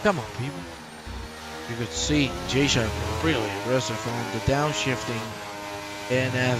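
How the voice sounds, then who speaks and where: A man giving live, joking commentary on a sim race and talking to his viewers. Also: on the high side. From Manchester. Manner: excitable, joking, chats with co-host and chat. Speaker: sim racing league commentator. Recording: background race car engine noise.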